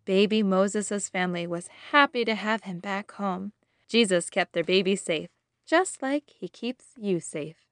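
A woman hosting a children's devotional podcast, telling a Bible story in a slow, sing-song way and asking the children questions. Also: mid-range voice, fairly bright tone.

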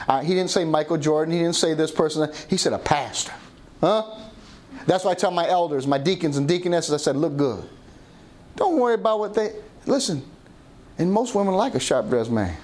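A middle-aged pastor preaches a sermon in call-and-response style, often asking the congregation "Amen?". His voice is on the high side, with slight background noise.

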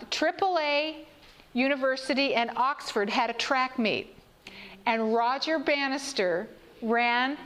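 A high-pitched woman speaking to a congregation in a sermon-style talk. She tells stories and asks her listeners questions. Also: a bit bright. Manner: storytelling, asks the audience questions.

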